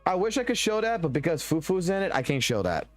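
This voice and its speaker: Fast-talking and fairly high-voiced, a young Southern streamer from Louisiana swears his way through an animated, rambling livestream rant. The close desk mic picks up no room sound, just soft music in the background.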